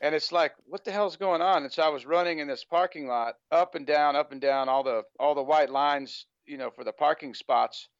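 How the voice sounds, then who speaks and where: An American man with a slightly raised pitch and a smooth, clean voice, chatting casually as a podcast guest. He rambles loosely and leans on "you know" between phrases. The audio is dull and lo-fi, as if over a remote call, with a dry, close sound. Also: fairly even intonation, moderate pace, few pauses, no echo. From United States. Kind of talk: casual interview chat.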